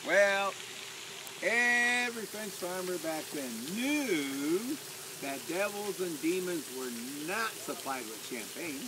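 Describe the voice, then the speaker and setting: Playful high-voiced balloon pilot telling tales. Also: male voice, expressive, slow, noisy background. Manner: playful, teasing, laughs at his own jokes. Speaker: hot air balloon pilot. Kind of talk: storytelling to passengers.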